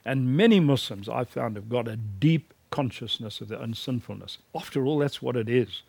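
A man teaches in a gravelly, slightly husky voice, recorded dry and close. He speaks with emphatic conviction and mixes in personal stories. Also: mid-range voice, expressive, normal speed, a little mellow, no echo. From South Africa. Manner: earnest, emphatic preaching cadence with personal anecdotes. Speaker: lecturer.

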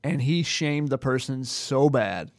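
A man co-hosting a sports podcast, giving relaxed, conversational analysis. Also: medium pitch, measured pace, dry recording, studio quality.

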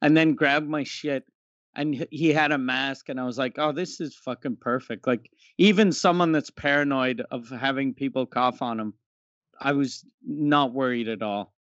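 A man's voice: mid-range voice, moderate pace, a bit bright, no room sound, highs cut off. A man chatting casually on a podcast with a wry, laid-back, profane delivery. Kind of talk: casual chat.

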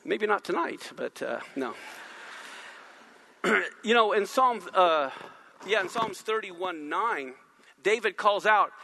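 A man's voice: high voice, animated, normal speed, pushed and bright. A man preaching a sermon, teaching animatedly and asking the congregation questions.

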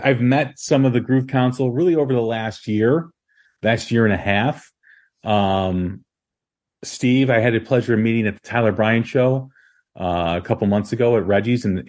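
A man hosting a casual music podcast, talking in a relaxed, rambling way with many ums and restarts. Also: on the low side. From Chicago area. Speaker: podcast host.

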